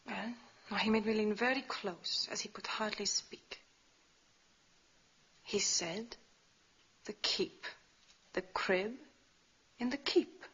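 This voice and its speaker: An actress playing a nervous young female university instructor who speaks earnestly and often in a hush. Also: mid-range voice, takes it slowly, long pauses, breathy edge, exaggerated voice. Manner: earnest, often hushed and whispering. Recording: muffled 1960s TV soundtrack.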